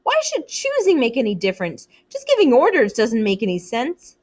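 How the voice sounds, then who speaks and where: A woman's voice: fairly high pitch, wildly swooping pitch, normal speed, voice pushed up. A woman reading aloud, voicing a defiant, aggressive boy hunter with a sneering, scornful manner.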